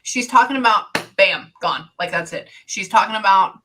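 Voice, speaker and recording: A woman's voice: mid-range voice, normal speed, hardly any pauses, rough recording. A woman giving a psychic reading, talking in a rambling, casual way with lots of "like" fillers. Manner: rambling, full of "like" fillers, animated. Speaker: psychic medium.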